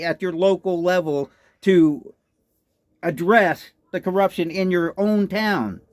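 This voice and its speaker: A man's voice: high voice, slow pace, no echo, clean studio sound. A man with a Texan accent ranting in a political commentary, indignant and firing off repeated rhetorical questions. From Texas. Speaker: political vlogger.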